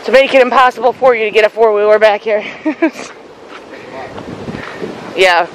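A man's voice: sits high, normal speed, a little hiss or hum, rough recording. A man hosting a casual vlog outdoors on a nature trail, easygoing and chuckling often between fillers. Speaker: vlogger.

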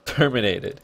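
A man casually commenting on a farming game, joking and laughing often as he plays. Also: a bit bright. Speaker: gaming channel host. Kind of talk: let's play commentary.

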